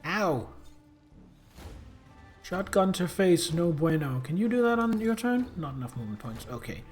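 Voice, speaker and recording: A man narrates his game turns live, muttering through his moves and then bursting out excitedly, with a very lively pitch. Faint game music sits under his voice. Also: a little fast. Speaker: game streamer. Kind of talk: live gameplay commentary.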